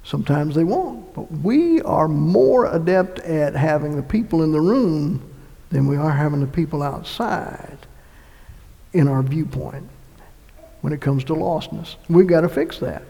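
Male pastor, sermon, high voice, gravelly edge, loud bursts and hushed drops, long reverb in a church. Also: expressive, measured pace. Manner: preaching with sudden loud swells and hushed drops. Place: church sanctuary.

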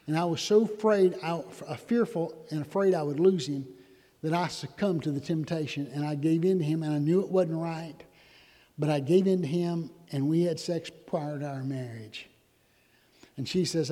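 Preacher in a reverberant sanctuary. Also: male voice, a little high, dark tone. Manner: earnest storytelling preacher, rising to emphatic points. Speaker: pastor. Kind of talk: sermon. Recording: long reverb of a large hall.

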